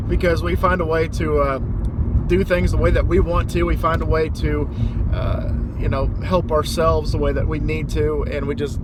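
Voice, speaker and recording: Young male vlogger, fairly high voice, rambling and casual, outdoors with light traffic noise. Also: normal speed. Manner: rambling, animated, breaks into loud high-pitched impressions. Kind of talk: casual monologue.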